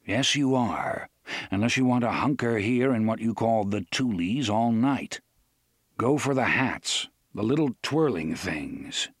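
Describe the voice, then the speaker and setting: A man voicing a stern, laconic older gunslinger, low, slow and grave in an audiobook reading. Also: animated, breathy edge, no room sound, clean studio sound, heavily acted. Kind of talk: audiobook character voice.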